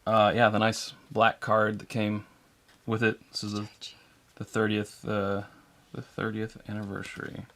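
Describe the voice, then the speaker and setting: A man co-hosting a whiskey tasting livestream in relaxed, chatty talk, laughing often. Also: on the low side, unhurried. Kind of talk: casual chat.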